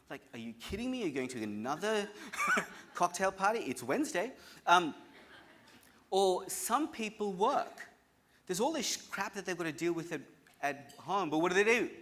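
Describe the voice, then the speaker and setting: A man giving an energetic motivational talk to a live audience, often asking them questions. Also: on the high side. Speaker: motivational speaker.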